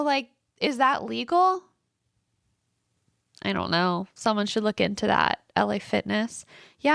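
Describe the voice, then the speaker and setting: Gravelly young woman ranting. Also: fairly high pitch, fairly bright tone, dry recording, studio quality. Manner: exasperated, swears freely, heavy use of "like". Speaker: podcast host. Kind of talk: casual storytelling rant.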